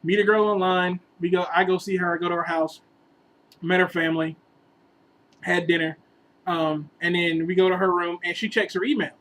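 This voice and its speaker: High, bright-voiced man ranting. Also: normal speed, rough recording. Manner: rambling, animated, bursts into exasperated outbursts. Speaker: vlogger giving relationship advice. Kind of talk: casual storytelling monologue.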